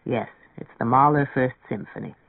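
A man voicing a gentle, kindly older record-shop owner in an audiobook reading, speaking softly and patiently, with a dry, phone-like narrow sound. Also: medium pitch, moderate pace, creaky, no echo. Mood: calm. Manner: soft, calm, patient.

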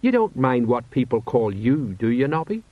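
A man voicing a slow-witted, worried middle-aged sergeant who rambles in a homely way. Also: medium pitch, sing-song, no echo. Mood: uneasy. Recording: dull, slightly lo-fi.

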